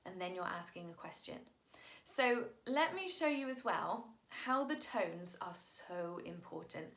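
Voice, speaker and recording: A woman's voice: lowish voice, expressive, a little slow, a bit bright, echoey room. A woman singer patiently explaining song lyrics to viewers, in an upbeat manner, sounding out Mandarin tones as she goes.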